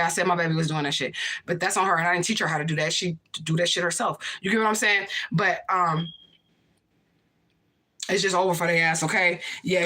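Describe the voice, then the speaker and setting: Fast, bright-voiced woman ranting bluntly. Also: lowish voice. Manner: animated, acts out other people's speech. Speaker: tarot reader. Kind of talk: casual livestream tarot reading.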